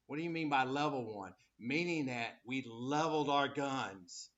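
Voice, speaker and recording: A male teacher lecturing his class, full of fillers and little acted-out quotes. His pitch sits in a middle range. The recording is dull and lo-fi, as if made in a classroom. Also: moderate pace, hardly any pauses, a bit bright. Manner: rambling, many fillers, acts out quotes. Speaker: history teacher.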